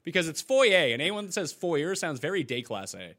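A man hosting a fantasy football podcast, energetic and joking, with emphatic delivery. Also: fairly high pitch, fast talker. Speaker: podcast host.

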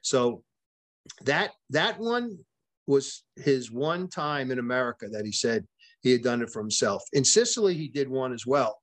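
A man speaking as a podcast guest, unspooling a long anecdote in plain conversational speech. He stumbles and restarts often, repeating words as he goes, and drops in quoted dialogue from the people in his story. His pitch sits in an ordinary middle range. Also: animated, moderate pace, fairly bright tone. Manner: retells events with quoted dialogue.

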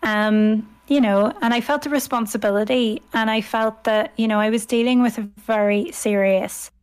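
A woman's voice: a little high, fairly even intonation, normal speed, clear, resonant tone. A woman in her thirties with an Irish accent, a scholar speaking in a toned-down posh telephone voice as a podcast guest. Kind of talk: podcast conversation.

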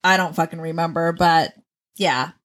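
Blunt, profane young woman, bright voice. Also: sits low, steady tone, moderate pace. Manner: profane, blunt, laughing often. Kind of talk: frank casual chat.

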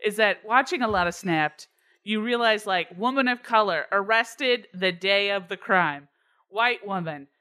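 A woman co-hosting a podcast, joking in sarcastic, animated banter. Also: medium pitch, measured pace, clean tone. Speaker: podcast co-host. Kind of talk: casual banter.

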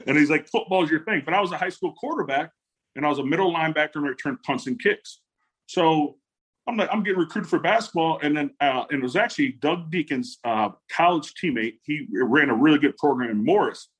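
His pitch is fairly high and expressive, his pace a little fast, with a breathy edge. This former football player in his forties, guesting in a casual interview, tells lively stories, performs the quotes, and laughs frequently.

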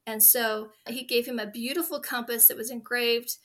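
Woman in her forties, interview guest, earnest heartfelt storytelling, slightly high voice, very bright tone. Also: steady tone, normal speed. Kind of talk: conversational interview.

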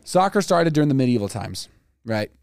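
A man's voice: mid-range voice, sing-song, brisk, vocal fry, a little mellow, clear, resonant tone, dry recording, studio quality. A man co-hosting a casual podcast chat, rambling and thinking aloud with fillers. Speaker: podcast co-host.

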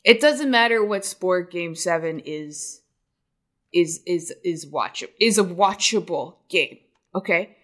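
A woman co-hosting a sports podcast, talking in a rambling, animated, self-deprecating way. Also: fairly low pitch, slow pace. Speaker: podcast co-host. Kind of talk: casual sports chat. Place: New York City.

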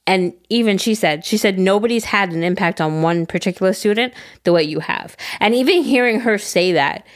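Young woman gushing on a chill podcast chat, warm and teary-eyed, middle pitch. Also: a little fast. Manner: emotional, storytelling, gushing about her students. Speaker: podcast co-host. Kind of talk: casual chat.

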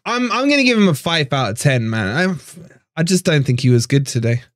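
A man's voice: a little high, sing-song, fairly quick, no room sound, clean studio sound. A man hosting a fan channel live stream, ranting in frustration, swearing and repeating himself.

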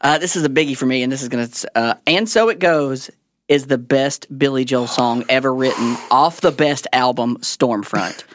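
A man's voice: medium pitch, moderate pace, fairly bright tone, slight background noise. A man co-hosting a music podcast, enthusiastic and rambling as he explains songs and chords. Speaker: podcast co-host. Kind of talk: casual music chat.

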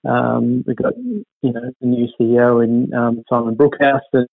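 A racing team manager answers interview questions in an upbeat but measured way, hesitating often with many fillers and restarts. His medium-pitched voice has vocal fry, and the recording is dry and phone-like with no echo.

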